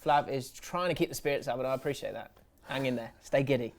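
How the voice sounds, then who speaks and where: A man hosting a football podcast, chatty and teasing in quick casual banter. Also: mid-range voice, a little hiss or hum. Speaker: podcast host. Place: podcast studio.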